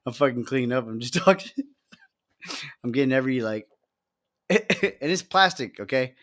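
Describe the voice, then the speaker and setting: A man's voice: medium pitch, lively intonation, moderate pace, fairly bright tone. A man co-hosting a podcast, chatting casually, laughing through his words and cutting in, with plenty of swearing. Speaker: podcast co-host. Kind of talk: casual profane chat.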